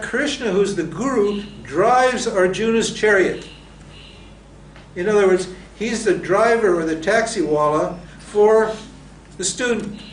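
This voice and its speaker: A man with a high voice gives a Vedanta lecture on spiritual texts, questioning his students rhetorically and then answering himself. A distant mic lends the recording a roomy echo, plus slight hiss or hum.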